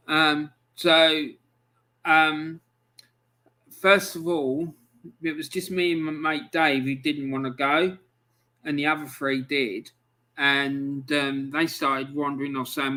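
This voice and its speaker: A man's voice: on the high side, little pitch movement, slow, sharp tone. A middle-aged man hosting a podcast, telling a story casually and rambling with many ums. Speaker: podcast host. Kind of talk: casual storytelling to a live stream.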